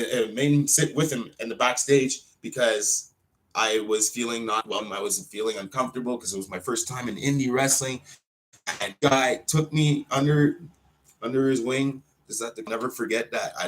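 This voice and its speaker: A wrestler hosting his own show, ranting in an unscripted way, full of swearing, with sudden loud outbursts that drop back to muttering. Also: mid-range voice, normal speed. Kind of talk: unscripted profane rant.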